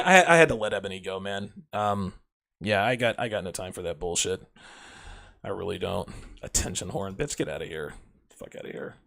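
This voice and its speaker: A man hosting a show, delivering a brash, crude, lecturing monologue straight to his listeners. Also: medium pitch. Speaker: podcast host.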